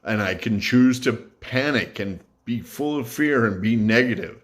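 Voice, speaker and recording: A man talking to camera in an earnest, reflective way, pausing and correcting himself as he goes. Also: mid-range voice. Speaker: YouTube vlogger. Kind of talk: casual talk to camera.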